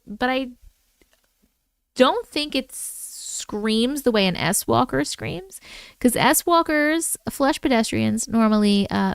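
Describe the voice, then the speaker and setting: A playful woman host chats on a livestream in a smooth, clear voice that sits a little high. She takes her time, drawing out her words, and the sound is close and dry. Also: dry recording. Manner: playful, chatty, talks to herself. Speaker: host reading viewer stories. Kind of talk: casual livestream chat.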